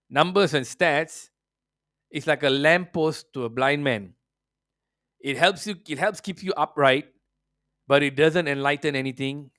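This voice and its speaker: A man's voice: mid-range voice, a bit bright, dry recording, clean studio sound. A man hosting a football podcast, ranting brashly and profanely in casual opinionated chat, slipping into mocking voices.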